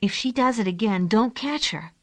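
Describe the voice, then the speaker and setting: A woman voicing a protective twelve-year-old boy in a storybook reading, hushed and fierce. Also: on the high side, expressive, normal speed, no echo, voice pushed up, lightly acted. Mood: urgent.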